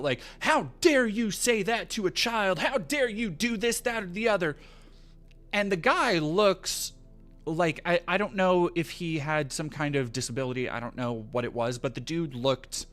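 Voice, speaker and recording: A young man tells a long story on his stream, swearing freely and rambling as he goes. His voice sits a little high and bright, and it swings widely in pitch. Soft music plays behind him. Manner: rambling, profane, animated. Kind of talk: casual storytelling on a livestream.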